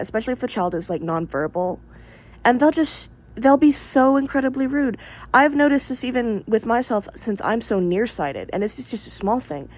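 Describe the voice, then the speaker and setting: Talking directly to the camera, a woman vlogger gives her opinions in a blunt, candid monologue full of swearing, fillers, and rambling asides. Her voice is medium-pitched and a little mellow.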